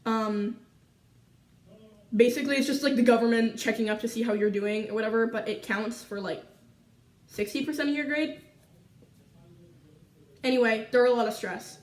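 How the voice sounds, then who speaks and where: A teenage girl from Canada telling a school story to her viewers in a chatty, animated way full of fillers. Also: fairly high pitch, moderate pace, pauses often, reverberant, far from the mic. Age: teens. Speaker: vlogger. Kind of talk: casual storytime chat.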